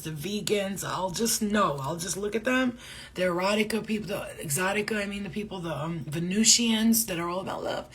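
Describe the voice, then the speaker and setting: A woman giving a casual spiritual reading to her viewers, talking in a rambling, excitable and profane way. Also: lowish voice, a little hiss or hum. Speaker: spiritual reader.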